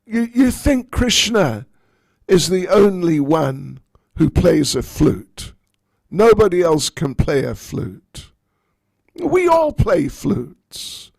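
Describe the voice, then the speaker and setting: A man voicing an arrogant, quick-witted young woman. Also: medium pitch, sing-song, gravelly, darkish tone, slightly rough, no room sound, heavily acted. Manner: arrogant, dismissive retorts.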